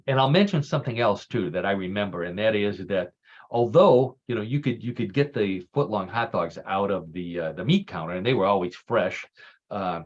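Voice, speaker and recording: A man's voice: fairly low pitch, muffled recording. A man hosting a casual radio talk show, telling stories with groan-worthy puns.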